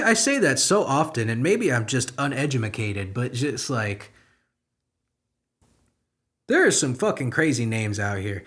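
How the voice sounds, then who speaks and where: A man's voice: fairly high pitch, a bit bright. A young man hosting a comedy podcast, reading news stories aloud and breaking off into profane, sarcastic, exasperated commentary. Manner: sarcastic, exasperated, swings between muttering and outbursts.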